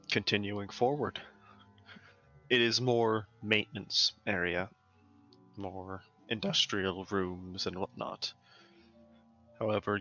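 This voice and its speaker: A man narrates a tabletop game as its game master, setting each scene with easygoing fillers. His voice sits low but has a sharp, forceful edge. The call audio is dull and lo-fi, with faint music underneath. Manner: describing scenes with loose fillers like "and whatnot".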